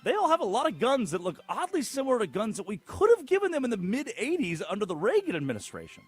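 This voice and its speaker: A man hosting a sports talk show, delivering a theatrical monologue full of sarcastic rhetorical questions and big swings in loudness. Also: very high-pitched, huge pitch swings, fast, breathy edge, faint music behind. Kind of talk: animated monologue.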